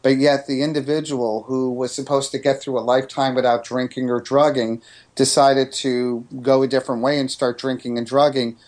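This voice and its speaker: A man's voice: medium pitch, flat delivery, moderate pace, a little mellow. A man from New Jersey, a psychic medium guest, telling stories earnestly in casual interview talk with frequent restarts.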